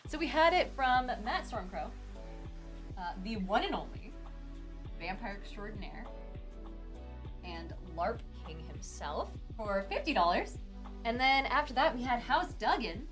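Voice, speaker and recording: A woman's voice: medium pitch, a bit bright. A woman hosting a charity live stream, chatting casually and reading out her chat in a bubbly, gushing way as she thanks donors.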